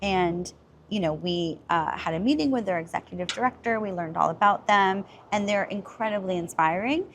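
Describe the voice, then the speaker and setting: A woman chatting in a casual interview, animated and full of asides and fillers. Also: medium pitch, normal speed, slight background noise. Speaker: interviewee, community member.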